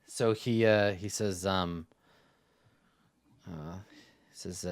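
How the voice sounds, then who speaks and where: A man's voice: sits low, steady tone, slow, pauses often. A man running a tabletop game as game master, narrating casually with lots of fillers and laughs.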